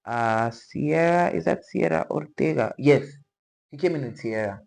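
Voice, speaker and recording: A woman's voice: sits low, unhurried, creaky, darkish tone, poor audio. A woman chatting casually as a reaction vlogger, rambling and playfully opinionated, with slang asides.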